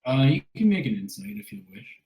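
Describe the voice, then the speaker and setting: A man's voice: mid-range voice, big pitch swings, fairly quick, vocal fry, warm tone. A man narrating as game master for a tabletop game, hesitant and full of fillers. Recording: roomy echo.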